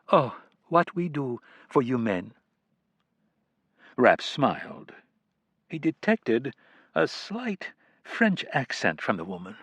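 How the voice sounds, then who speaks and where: A male audiobook narrator reads in a low, measured voice and slows down on key details. The recording is dry and close-miked, with no room sound at all. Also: no echo. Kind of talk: scripted narration.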